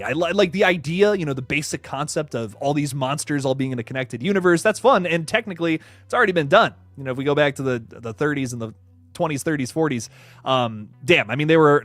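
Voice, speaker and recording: Animated man chatting on a livestream. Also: on the high side, no echo. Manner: animated, swearing, laughs often, reads chat aloud. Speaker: horror news host. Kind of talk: casual livestream chat.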